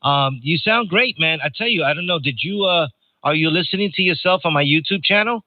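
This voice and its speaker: A man's voice: on the high side, a little fast, narrow, tinny audio. An older man from New York hosting a ham radio net in chatty, joking casual talk, reading out call signs. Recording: noisy radio transmission.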